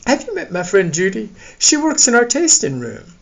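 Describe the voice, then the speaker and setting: A man reading an audiobook, voicing a brash, bossy woman winemaker who booms and teases. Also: huge pitch swings, moderate pace, creaky, heavily acted. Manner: booming, teasing.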